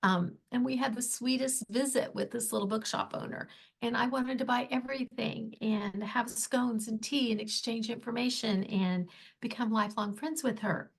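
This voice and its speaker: A woman's voice: a little high, fairly even intonation, moderate pace, gravelly. A woman hosting her own podcast, telling travel stories in a chatty, enthusiastic way with gushing asides. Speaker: podcast host. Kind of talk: casual solo podcast storytelling.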